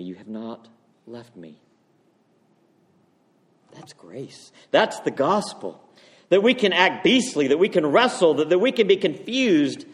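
A man preaching an earnest sermon as a pastor, swinging from loud emphasis to hushed, quiet phrases. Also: a little high. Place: church sanctuary. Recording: long reverb of a church hall.

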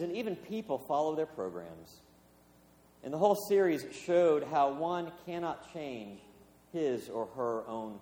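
A man's voice: mid-range voice, darkish tone. A man, a pastor, preaching a sermon in a conversational, storytelling way with casual fillers. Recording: echoey hall with long reverb.

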